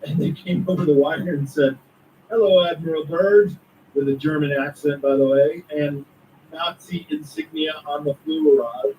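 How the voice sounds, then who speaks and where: An eager male storyteller who builds his account with asides like "get this." His voice is mellow and a little high. He sounds set back from the microphone, with a faint hiss under the talk. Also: fairly even intonation, normal speed, far from the mic, low-quality recording. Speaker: author and guest. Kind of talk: conspiracy talk interview.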